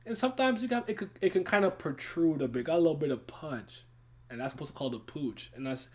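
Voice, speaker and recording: A man's voice: a little high, animated, quick pace, darkish tone. A man hosting a casual podcast chat, telling a rambling story and breaking into laughter often. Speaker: podcast host.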